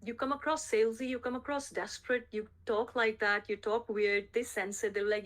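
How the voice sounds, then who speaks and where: A woman's voice: a little high, fairly even intonation, a little fast, hardly any pauses, a bit bright. Emphatic woman coaching a sales team. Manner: emphatic, repeats key phrases, checks in with the team. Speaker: sales coach leading a group call. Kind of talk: coaching session on a group call.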